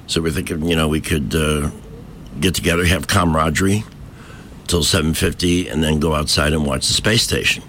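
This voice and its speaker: A man's voice: very deep voice, steady tone, fairly quick, sharp tone, a little hiss or hum. A man hosting a talk radio show, delivering combative, mocking opinion commentary from a studio microphone.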